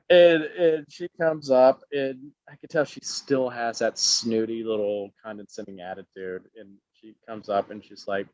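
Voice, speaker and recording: A man's voice: medium pitch, a little slow, no echo. A middle-aged man from Alabama, an actor telling stories in a casual interview and acting out the people he quotes. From Alabama, USA. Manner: animated, acts out quotes with many voices. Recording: dull dry lo-fi sound.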